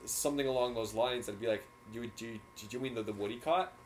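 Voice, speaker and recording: A young man tells a meandering story, restarting his sentences as he goes. He speaks at an even middle pitch, with a little background noise. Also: fast. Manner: rambling storyteller with many restarts. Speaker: podcast co-host. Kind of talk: casual chat.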